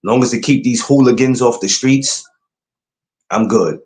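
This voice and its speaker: A man's voice: mid-range voice, measured pace, echoey room. A man hosting a podcast, talking boxing in a casual, emphatic way. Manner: animated, emphatic, rising to incredulous outbursts. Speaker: podcast host.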